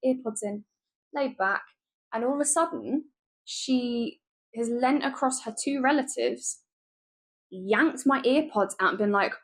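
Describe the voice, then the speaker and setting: A woman's voice: fairly high pitch, measured pace. Chatty woman telling a travel story. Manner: lively, animated retelling with laughs and asides. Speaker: travel vlogger.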